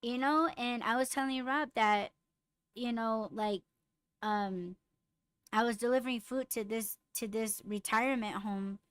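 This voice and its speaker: Woman podcast host, casual profane chat, raised and animated when riled, smooth clear voice. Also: on the high side, a little slow, no echo. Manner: blunt, profane storytelling. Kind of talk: casual chat with live comments.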